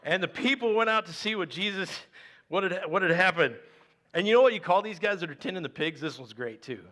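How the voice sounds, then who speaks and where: Preaching in a conversational way, this man reads scripture aloud before launching into lively, humorous asides to his congregation. His voice is bright, somewhat high, and brisk.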